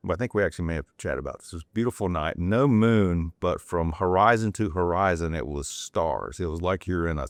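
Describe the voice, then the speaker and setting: A fairly low-pitched man tells loose, rambling stories as a podcast guest, restarting his sentences as he goes. He is from North Carolina and talks in a relaxed, chatty way. The sound is dry, with no room echo. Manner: rambling, digressive anecdotes with restarts; acts out quoted people in a raised voice. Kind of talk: casual storytelling.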